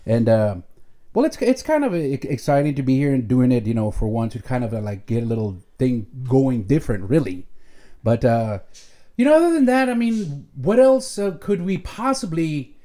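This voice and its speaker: A man's voice: medium pitch, very animated, moderate pace, mellow. Joking man hosting. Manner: rambling, joking, mixes in Spanish slang. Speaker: podcast host. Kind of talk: casual chat. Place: at home.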